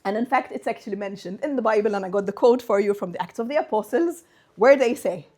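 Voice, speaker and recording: A woman's voice: mid-range voice, fast, darkish tone. A woman from Malta, giving a university seminar talk and playfully drilling the audience in phrases. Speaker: guest speaker.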